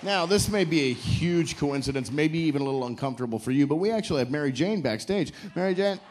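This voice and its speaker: On a cruise ship stage, a man runs a live couples game show, joking, teasing the contestants and getting the crowd to cheer. His fairly high voice bounces energetically with lively intonation, and he talks fast with a slightly mellow tone. There's a little background noise.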